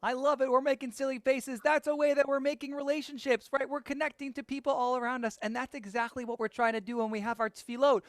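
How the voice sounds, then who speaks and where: A woman's voice: fairly high pitch, no echo. A woman leading children through songs in an upbeat, encouraging call-and-response style at a family holiday service.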